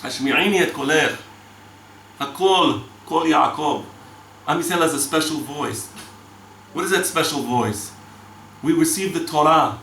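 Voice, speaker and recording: A man teaching a Torah lecture as a rabbi, animated and chanting verses between his explanations. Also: on the high side, unhurried, creaky, long pauses, a little hiss or hum. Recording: echoey room, mic from far off.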